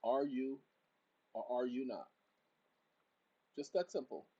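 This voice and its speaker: A man with a mellow, husky voice runs his own channel and talks viewers through a document on screen. He barks sharp orders at a voice assistant, then drops to low asides for his audience. The recording sounds dull and lo-fi. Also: takes it slowly. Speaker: channel host. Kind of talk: casual screen-share walkthrough.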